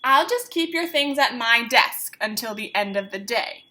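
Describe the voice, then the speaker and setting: A woman reading a picture book aloud, voicing a stern, calm male schoolteacher in a storybook. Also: fairly high pitch, moderate pace. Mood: firm.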